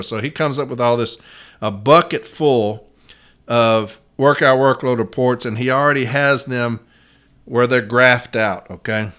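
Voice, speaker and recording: A man's voice: mid-range voice, normal speed, fairly bright tone. A man hosting a podcast, telling a story in a casual monologue and acting out the quotes, with frequent "uh" fillers. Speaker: podcast host, union advocate.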